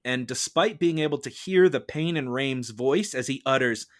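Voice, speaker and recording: A man presents a prepared case as a mock-trial prosecutor. He argues in a measured, formal courtroom manner. His pitch sits in the ordinary middle range for a man. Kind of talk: prepared argumentative case delivered to a judge.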